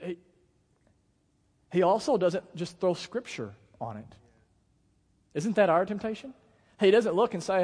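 A man's voice: sits high, sing-song, a little slow, long pauses, a little mellow, slightly rough, in a large hall. An American man, a pastor, giving a sermon in a casual, conversational way with lots of fillers. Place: church auditorium.

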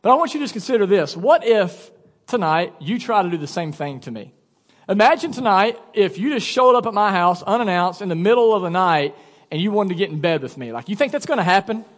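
Pastor, 30s, man, high voice, chatty and joking, long church reverb. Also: animated, fairly quick. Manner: casual, joking storyteller. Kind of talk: sermon. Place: church sanctuary.

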